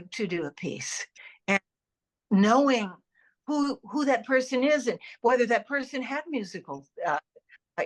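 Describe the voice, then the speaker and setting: Older woman, actress, interview guest, chatty and rambling, stumbles and restarts, mid-range voice. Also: mid-range voice. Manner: rambling and animated, with many restarts and repeated words. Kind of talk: casual interview chat.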